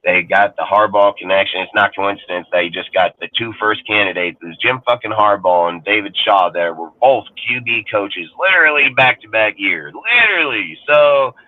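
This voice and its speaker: A man's voice: fairly low pitch, lively intonation, normal speed, hardly any pauses. A man ranting on a sports podcast panel, swearing constantly and rambling heatedly in casual talk. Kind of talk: profane casual rant. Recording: tinny phone-like line.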